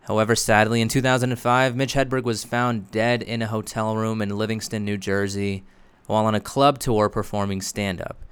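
A man giving scripted narration for a video essay in a measured, explanatory way. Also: on the low side, fairly even intonation, clear, resonant tone, no echo.

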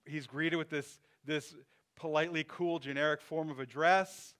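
A man's voice: on the high side, steady tone, normal speed, fairly bright tone. A man preaching a sermon in a loose, conversational way, thinking aloud with restarts and asides. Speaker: pastor.

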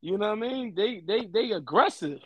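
A man's voice: high-pitched, animated, fairly quick, slightly rough, dry recording, dull audio. A young man talking on a podcast, earnest and emphatic, often repeating himself. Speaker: podcast host. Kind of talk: casual podcast talk.

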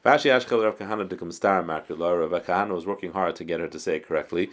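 A man's voice: deep voice, very fast, few pauses. A man teaching a Talmud class, reading the text phrase by phrase and translating it, with frequent restarts and self-corrections.

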